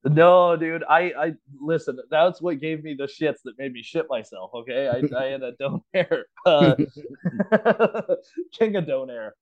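A man's voice: on the high side, lively intonation, measured pace. A man co-hosting a podcast from home over a remote call, telling a story in casual chat with lots of swearing and laughter. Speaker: podcast co-host. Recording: slightly dull, lo-fi remote audio.

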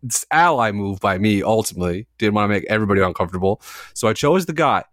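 A man's voice: lowish voice, lively intonation, quick pace, fairly bright tone, no echo. Rambling man in his forties, dry sound. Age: 40s. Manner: rambling, self-mocking storytelling with filler words and casual swearing. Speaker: podcast co-host. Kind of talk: casual chat.

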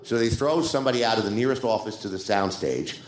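A man guest telling a behind-the-scenes story in an animated way, acting out other people's lines. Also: on the low side, fast, slight background noise. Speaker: screenwriter guest. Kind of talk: anecdotal storytelling. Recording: roomy echo.

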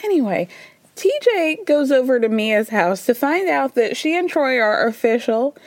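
A woman's voice: high voice, sing-song, normal speed, no echo. A young woman hosting a podcast, recapping reality TV in a chatty, sassy and profane way. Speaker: podcast host. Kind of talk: casual pop culture recap.

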